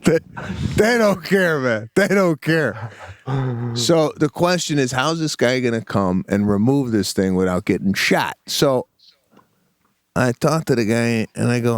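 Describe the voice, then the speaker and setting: A man co-hosting a comedy podcast, telling an animated story, acting out quotes and laughing often. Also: medium pitch, a little slow, no room sound, clean studio sound. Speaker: co-host.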